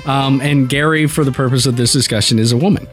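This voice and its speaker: A man's voice: medium pitch, steady tone, fast talker, soft background music. A man co-hosting a casual podcast chat, telling a long, winding story. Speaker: podcast co-host.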